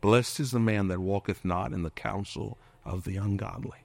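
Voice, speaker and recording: A man's voice: fairly low pitch, fairly even intonation, normal speed, vocal fry, darkish tone, no echo. A man preaching as a pastor, firing questions at the congregation and slipping into playful impressions. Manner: preachy, asks the crowd many questions, jokes and mimics. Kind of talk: sermon.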